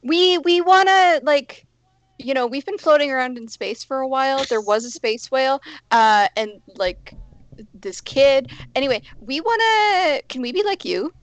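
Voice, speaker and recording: A woman voicing an excitable young female adventurer who talks fast, bubbly and eager. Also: high voice.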